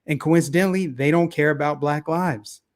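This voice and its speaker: Speaking at a moderate pace in a fairly high voice, a male talk show host offers casual, opinionated political commentary. He's animated and keeps repeating phrases.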